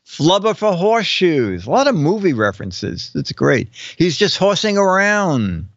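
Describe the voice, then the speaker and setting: A man's voice: sits high, very animated, a little slow, a bit bright, no echo, highs cut off. An older man hosting a casual live show, reading viewers' joke captions aloud and chuckling between them. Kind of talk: casual comedic live-stream chat.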